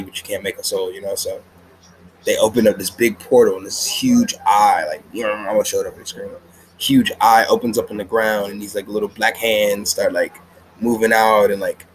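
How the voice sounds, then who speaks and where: A man's voice: lowish voice, a little hiss or hum, low-quality recording. A man reviewing an anime episode in a casual, slangy, rambling way, laughing often, recorded at home with the TV on.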